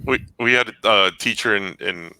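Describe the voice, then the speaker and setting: A man with a bright voice, recorded close and dry, chatting on a podcast. He delivers his stories and jabs at his friends in a flat, deadpan way. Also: lowish voice, moderate pace, dry recording. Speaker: podcast co-host. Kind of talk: casual chat.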